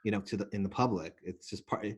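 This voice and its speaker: A man speaking as an interview guest, earnest and a little halting, with many restarts and fillers. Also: on the low side, husky. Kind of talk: casual interview talk.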